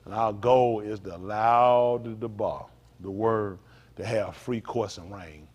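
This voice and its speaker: His voice is on the low side and darkish, the delivery a little slow, and the recording cuts off the highs. He is a pastor preaching conversationally to his congregation in a synagogue sanctuary with frequent asides to the room, and long hall reverb fills the sound.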